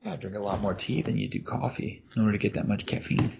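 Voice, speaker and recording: A man's voice: lowish voice, expressive, fast talker, gravelly, a little mellow, a little hiss or hum. A man co-hosting a podcast in casual chat, making dry, wry remarks. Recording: dull lo-fi sound.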